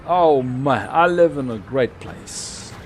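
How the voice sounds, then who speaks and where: A young man chatting through a live game stream, rambling about his play and breaking into sudden excited shouts. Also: mid-range voice, takes it slowly, slight background noise. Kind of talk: live gameplay commentary.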